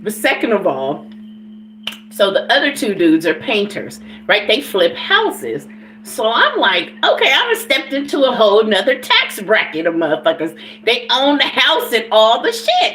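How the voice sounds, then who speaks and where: A woman livestreaming as a tarot reader tells a story at a slow, drawn-out pace, with her high voice swooping all over the place. She curses freely, keeps calling out to her listeners, and breaks into loud laughter. The sound is roomy and echoey. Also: sing-song, a little hiss or hum. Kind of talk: casual storytelling to a live audience.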